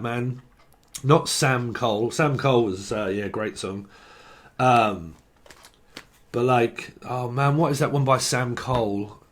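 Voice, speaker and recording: A man talks loosely through a tarot reading, his voice sitting at an ordinary middle pitch. He rambles, swears casually and chuckles between thoughts, wandering off topic as he goes. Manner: chatty, swears freely, chuckles often, drifts off topic. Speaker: tarot reader.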